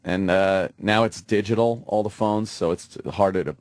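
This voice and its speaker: A man's voice: on the low side, fairly even intonation, normal speed, dry recording. Profane, rambling male radio co-host. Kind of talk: casual radio banter.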